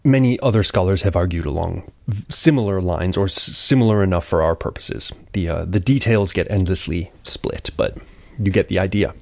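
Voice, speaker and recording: A man's voice: low voice, normal speed, creaky, a little mellow, no room sound. A man hosting a podcast, delivering a scripted lecture with wry, conversational asides. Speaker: podcast host.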